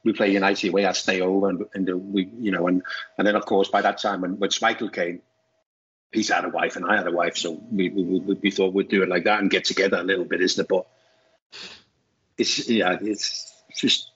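A middle-aged man from Denmark with a low, husky voice spins relaxed stories on a podcast. He talks casually and acts out the people he quotes. The recording sounds muffled and lo-fi. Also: a little fast. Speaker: co-host, former footballer. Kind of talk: casual podcast chat, anecdotes.

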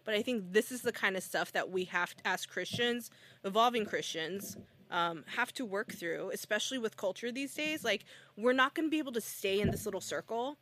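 A woman's voice: mid-range voice, a little fast, a bit bright. A woman guest on a podcast, chatty and encouraging, using lots of filler words. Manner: encouraging, chatty, uses 'like' often. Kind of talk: casual podcast chat.

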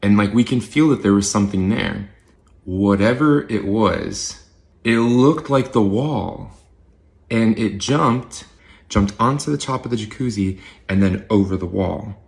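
A man's voice: fairly low pitch, vocal fry. A young man, a podcast host, telling a story casually, rambling with lots of filler words.

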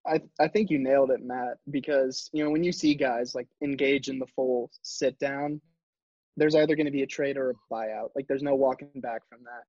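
A man's voice: mid-range voice, fairly even intonation, moderate pace, darkish tone, no echo, highs cut off. A man co-hosting a casual sports podcast in an easygoing, agreeable way. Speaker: podcast co-host.

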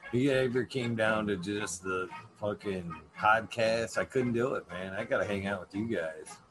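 A man hosting a live stream, talking casually and reading chat names aloud, swearing freely. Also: fairly low pitch. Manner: slow, laid-back, swears often, reads chat names aloud. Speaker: livestream host. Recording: music playing loudly behind. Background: music.

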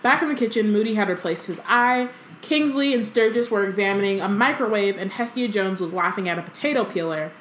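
A woman's voice: medium pitch, fairly quick. A woman co-hosting a podcast, reading a novel aloud and breaking off to comment and laugh. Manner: reads dialogue aloud with light voices, laughs often. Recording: echoey room with faint noise.

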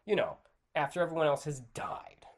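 A man rants alone into his podcast microphone, sarcastic and swearing freely. His pitch swings widely as he jokes and argues. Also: a little fast. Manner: sarcastic, profane, animated. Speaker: podcast host. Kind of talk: solo opinion rant.

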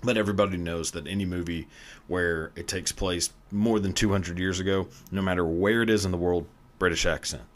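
A podcast host in casual solo commentary, ranting profanely and emphatically about award shows. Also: male voice, low voice, fairly even intonation, a little fast.

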